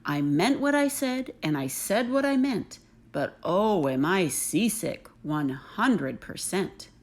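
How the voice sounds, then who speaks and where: A woman voicing a faithful, gentle male elephant in a storybook reading, speaking earnestly and sincerely. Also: lowish voice, lively intonation, slow.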